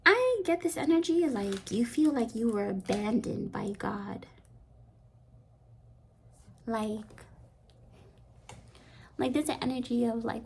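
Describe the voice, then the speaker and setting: A woman giving a rambling, soft-spoken tarot reading that often slips into a half-whisper. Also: fairly high pitch, expressive, slow, gravelly, long pauses, slight background noise. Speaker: tarot card reader. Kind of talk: intuitive pick-a-card reading.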